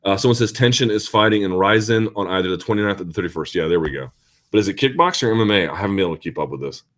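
Low-voiced man ranting on a live chat. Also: racing. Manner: animated, ranting, sarcastic. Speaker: host of a live chat show. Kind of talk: casual live-chat commentary, reading viewer questions.

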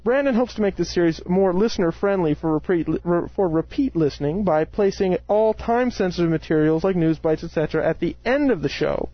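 High-voiced joking man on a podcast. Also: lively intonation, fairly quick, few pauses, no echo, muffled recording. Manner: joking, giggly, reads news in a put-on announcer voice. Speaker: podcast co-host. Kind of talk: casual podcast banter. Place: small room at home. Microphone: home mic with pillowcase tied over mouth.

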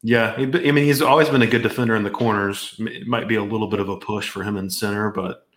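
A man co-hosting a podcast, chatting casually about the sport in a relaxed, rambling way full of restarts. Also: fairly low pitch, quick pace, reverberant. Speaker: podcast co-host.

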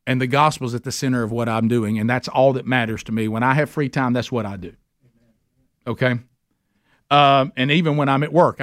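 A man's voice: medium pitch, dry recording, studio quality. A man teaching a men's Bible study in an earnest, emphatic, folksy conversational sermon style.

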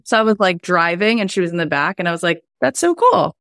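Woman, middle-aged, coach and host, casual storytelling, chatty, heartfelt, low voice. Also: fast talker, a bit bright, clean tone, dry recording, clean studio sound. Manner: chatty and heartfelt, many "like" fillers. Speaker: life coach and podcast host.

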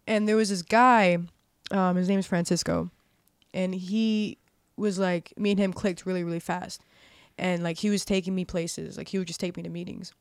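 On a podcast, a twentysomething woman tells stories in a casual, profane way, leaning heavily on "like" and performing the dialogue she quotes. She speaks at a moderate pace in a lowish, clean-toned voice with fairly even intonation, and there's no echo.

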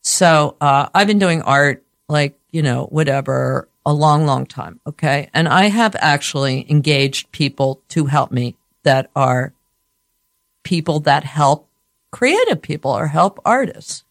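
A woman with a raspy, slightly lispy voice hosts a casual talk radio show, rambling and often breaking off to restart her sentences. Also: low-pitched, lively intonation, measured pace.

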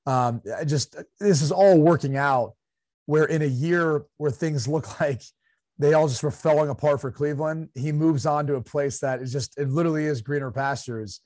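Chatty man with a fairly high voice. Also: normal speed, darkish tone, dry recording, studio quality. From Ohio. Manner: chatty, with frequent fillers and laughs. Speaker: podcast co-host. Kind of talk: casual sports talk.

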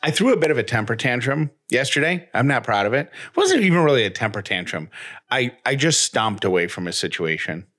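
A man's voice: medium pitch, big pitch swings, a little fast, a bit bright. A man in his thirties co-hosting a podcast, telling a story in casual chat and acting out both sides of an exchange. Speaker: podcast co-host.

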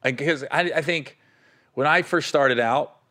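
A man's voice: a little high, measured pace, sharp tone. A man, a touring stand-up comic, telling road stories in casual chat, often laughing and acting out other people's voices.

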